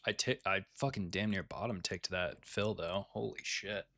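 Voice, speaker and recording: Gravelly, laid-back swearing trader. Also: male voice, sits low, moderate pace, fairly bright tone, no room sound. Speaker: day trader. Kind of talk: casual live trading commentary.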